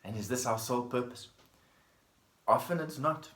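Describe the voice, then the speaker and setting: A man of middle pitch gives a Buddhist dharma talk, calm and gentle, telling a simple story and circling back to key phrases. His voice carries the echo of the room around him. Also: moderate pace. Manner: gentle, storytelling with plain repetition. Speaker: Buddhist teacher. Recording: echoey room.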